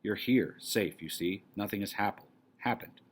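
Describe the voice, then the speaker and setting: A man reading as a gentle, soothing mother. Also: lowish voice, measured pace, slightly rough. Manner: soft, hushed and reassuring. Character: gentle soothing mother comforting her daughter. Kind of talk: reading a play aloud to a class.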